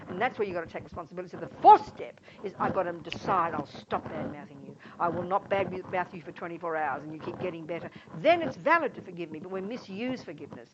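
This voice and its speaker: A Buddhist nun teaches a class in an informal, emphatic style, often acting out little scenes to explain her points. Her mid-range voice is expressive and she talks fast. The recording sounds dull and lo-fi, with faint noise.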